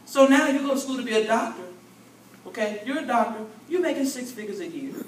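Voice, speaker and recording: A man's voice: very high-pitched, animated, fast talker. A man, a bishop, teaching in a conversational sermon with folksy, vernacular speech and call-and-response with the congregation, recorded from far off in an echoing hall. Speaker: bishop, preacher. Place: large church convention hall. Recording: echoey hall from far off, faint room noise.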